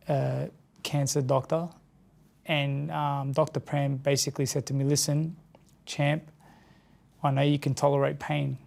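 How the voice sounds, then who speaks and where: Halting Australian man with gravelly voice. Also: medium pitch, a little mellow. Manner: halting, repeats words and restarts, earnest. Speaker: interview guest. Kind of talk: emotional personal account in an interview.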